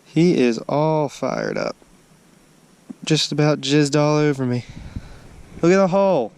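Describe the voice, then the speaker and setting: An excitable man talking casually to the camera, outdoors on a frozen lake, with a faint outdoor hush behind him. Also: a little high, a little slow, vocal fry, clean tone. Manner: excitable, exclaims loudly when he lands a fish. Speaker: angler filming his fishing trip. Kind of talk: casual running commentary.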